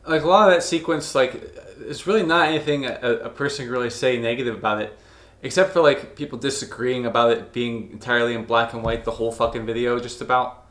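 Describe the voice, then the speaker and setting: Reviewer, man, 30s or older: casual, mid-pitched, swearing and gushing, echoey room. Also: fast, a bit bright. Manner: profane, gushing, rambling with restarts. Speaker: video reviewer. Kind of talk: casual reaction commentary.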